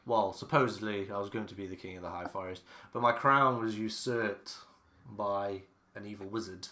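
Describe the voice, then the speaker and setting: Casting: man doing a cursed elf prince stuck in beast form, low voice, earnest, tabletop game. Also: fairly even intonation, moderate pace, sharp tone, echoey room.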